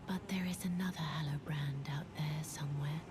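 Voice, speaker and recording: A woman voicing a reclusive witch who guards the dead, speaking in a breathy, secretive whisper in a video game. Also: low voice, steady tone, normal speed, noisy background, close to an everyday voice. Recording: game audio with music behind.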